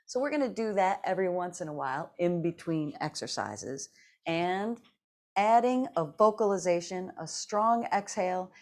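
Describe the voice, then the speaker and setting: A woman leading a seated exercise class, giving slow, encouraging cues and laughing often between them. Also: on the low side, animated, a little mellow. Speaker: fitness instructor.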